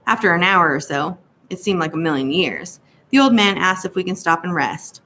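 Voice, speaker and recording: Low-voiced woman narrating an audiobook. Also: moderate pace, a little hiss or hum. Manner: steady storytelling in a first-person boy's voice. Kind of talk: scripted narration.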